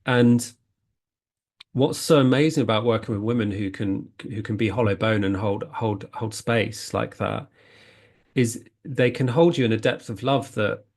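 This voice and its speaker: A man's voice: on the low side, a little slow, darkish tone. A man talking earnestly as a spiritual healing coach, rambling and often restarting his sentences. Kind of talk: casual spiritual talk.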